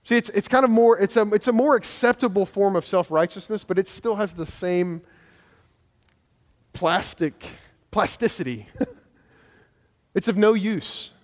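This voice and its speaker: A man's voice: high voice, measured pace, long pauses, big-room sound. A man preaching a sermon as pastor, earnest and conversational, with frequent restarts and repeated phrases.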